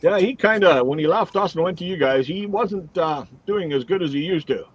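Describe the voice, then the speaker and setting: A man hosts a card-break livestream, calling out cards and teams in an easy running patter. His voice is on the higher side for a man. It has a husky, slightly rough edge. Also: a little fast, dull audio. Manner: reads out cards and teams in a steady run. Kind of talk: casual livestream chat.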